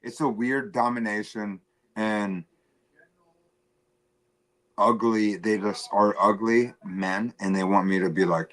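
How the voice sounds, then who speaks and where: Man, stream guest, rambling halting talk, lowish voice, self-deprecating. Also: fairly even intonation, fairly bright tone. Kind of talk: casual livestream chat.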